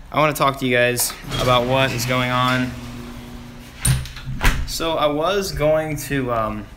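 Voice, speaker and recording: A young man talks loosely to his live-stream viewers, pausing with ums and heavy sighs as his frustration builds. His voice sits at an ordinary middle pitch. A faint background hiss sits under the recording. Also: a bit bright. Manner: frustrated, sighing, rambling with fillers. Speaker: vlogger. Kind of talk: casual live stream rant. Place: home garage.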